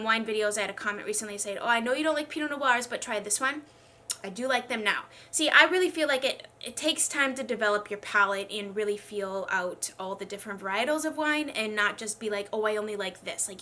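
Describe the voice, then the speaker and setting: A woman's voice: mid-range voice, bright, forceful tone, a little hiss or hum. A young woman chatting casually while doing her makeup, sounding congested and struggling a little to speak, rambling and poking fun at herself. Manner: chatty, self-deprecating, rambling. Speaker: beauty vlogger. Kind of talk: casual get-ready-with-me chat.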